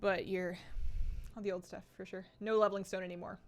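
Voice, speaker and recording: A woman's voice: mid-range voice, flat delivery, brisk. A woman hosting a casual live stream from home while gaming, chatty and rambling with frequent laughs, her sentences restarting. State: slightly out of breath.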